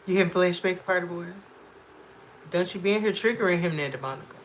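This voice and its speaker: A talkative woman streams herself doing makeup and answers viewers' comments, calling them girl. Her voice sits on the lower side, and a soft ambient hum runs underneath. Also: fast talker. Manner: laughs often. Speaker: makeup livestreamer. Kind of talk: casual livestream chat.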